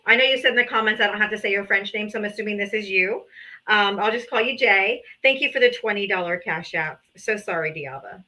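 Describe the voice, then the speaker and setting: A woman's voice: medium pitch, bright, forceful tone. A woman hosting a livestream, reading out donations and thanking supporters, emotional and grateful, sometimes laughing or sighing. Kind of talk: casual livestream thank-yous. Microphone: streaming setup.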